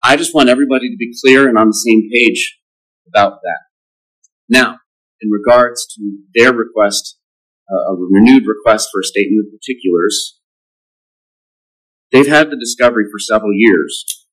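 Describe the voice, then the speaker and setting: Man, prosecutor, courtroom argument, firm and methodical, fairly low voice. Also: moderate pace, pauses often, fairly bright tone, poor audio. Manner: firm, methodical, lays out evidence step by step.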